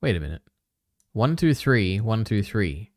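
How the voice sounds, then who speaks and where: A man's voice: lowish voice, big pitch swings, measured pace, a little mellow, no room sound, clean studio sound. A man streaming casually, reading on-screen text aloud, trailing off and muttering to himself. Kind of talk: casual live-stream commentary.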